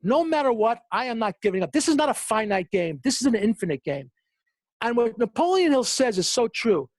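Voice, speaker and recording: A man's voice: fairly quick, dry recording. A man giving a motivational webinar talk, who acts out the quotes in his stories with big jumps in voice and repeats words for emphasis. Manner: animated storytelling, acting out quotes with big pitch jumps. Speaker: motivational speaker.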